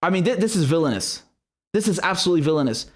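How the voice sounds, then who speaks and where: A man delivers political commentary in an angry, mocking rant, swearing freely as he goes. His voice sits fairly high for a man. He talks like a host speaking straight to his viewers. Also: lively intonation, rapid-fire. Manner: angry, sarcastic, profane, mocking.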